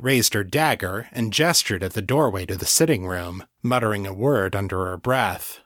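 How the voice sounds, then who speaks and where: Dry, measured male audiobook narrator. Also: on the low side, no room sound. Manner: even, measured storytelling. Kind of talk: scripted narration of a novel.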